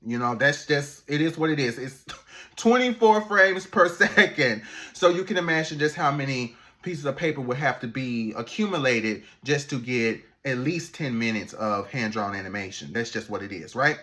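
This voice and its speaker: A man, an animator, telling a story in a casual, animated vlog, laughing and swearing as he goes. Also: medium pitch, moderate pace.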